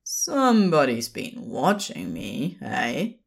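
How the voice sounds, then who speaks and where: A woman's voice: deep voice, expressive, very slow, heavily acted. A woman voicing a lanky, sullen young man who drawls slyly, in a storybook reading. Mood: sullen, drawling.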